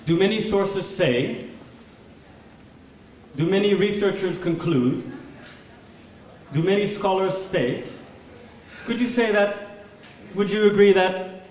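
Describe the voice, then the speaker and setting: A man's voice: high-pitched, takes it slowly, pauses often, darkish tone. A man giving a performative lecture made entirely of questions, his intonation rising at each one. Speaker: performance speaker. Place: large lecture hall. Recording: echoey hall from far off, faint noise.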